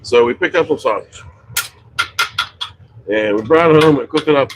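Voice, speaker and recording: On a livestream, a middle-aged man from western Pennsylvania casually tells a long, wandering tale about his pizza shop, filling it with fillers and correcting himself often. His voice sits on the high side at a normal speed, with background noise behind it.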